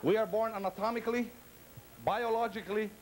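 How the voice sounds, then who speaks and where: A man's voice: high voice, fairly even intonation, fairly quick, some chatter behind, a little hiss or hum, low-quality recording. A man performing a stand-up comedy routine, talking in a theatrical, playful way and teasing the audience.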